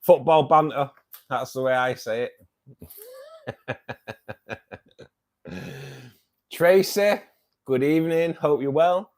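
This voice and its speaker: A man's voice: a little high, slow pace, pauses often. A man hosts a casual fishkeeping live stream from home, rambling and bantering with viewers as he greets them. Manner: rambling, chatty, joking banter with many fillers. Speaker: livestream host of a fishkeeping club. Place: at home beside his fish tanks.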